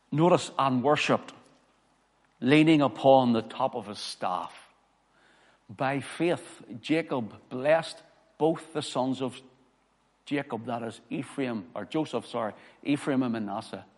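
A man's voice: medium pitch, a little mellow. A man preaching a sermon as pastor, reading scripture with emphasis and telling personal stories. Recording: long hall reverb.

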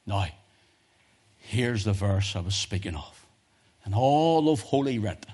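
A man preaching a sermon, rising to loud impassioned peaks and dropping to low, hushed intensity. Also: unhurried.

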